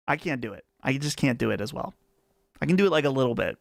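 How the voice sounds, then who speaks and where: A man's voice: medium pitch, expressive, quick pace, gravelly, dry recording. A man with a Western Pennsylvania accent hosting a casual live chat stream, chatty and rambling on a close mic. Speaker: livestream host.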